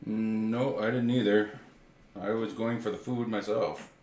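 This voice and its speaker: A man voicing a blind male mole adventurer with a slow drawl, in an echoey room. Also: lowish voice, steady tone, darkish tone, lightly acted. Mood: wry. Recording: echoey room, faint noise.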